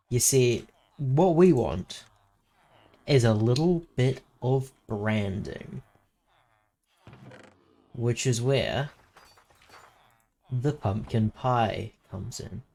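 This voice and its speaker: A man's voice: medium pitch, darkish tone, rough recording. A man narrating his own gaming vlog in a playful, jokey salesman manner. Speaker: Minecraft server video creator.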